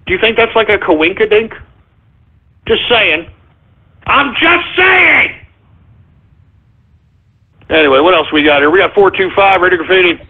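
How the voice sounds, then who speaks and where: A man hosting a shock-jock call-in radio show, talking in a loud, mocking, rambling way. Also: sits high, fairly quick. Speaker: radio talk show host. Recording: lo-fi phone-like radio sound.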